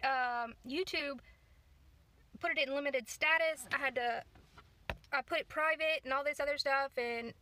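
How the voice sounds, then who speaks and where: A woman's voice: sits high, sharp tone, dry recording. A woman talking casually to her viewers, indignant and rambling, often restarting her sentences. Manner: indignant, rambling, self-correcting. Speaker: political vlogger. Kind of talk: casual talk to camera.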